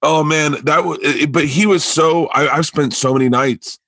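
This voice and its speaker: A comedian guest with a slightly high, breathy voice tells stories in casual talk at a moderate pace. He's animated, stumbling into restarts and acting out the people he quotes, with no room sound.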